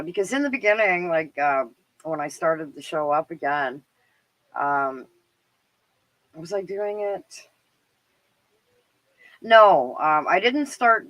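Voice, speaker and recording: A woman's voice: sits low, lively intonation, takes it slowly, long pauses, fairly bright tone, dry recording, poor audio. A middle-aged Canadian woman with a Canadian accent hosting a live stream, chatting casually and rambling with lots of fillers and laughs. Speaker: livestream show host.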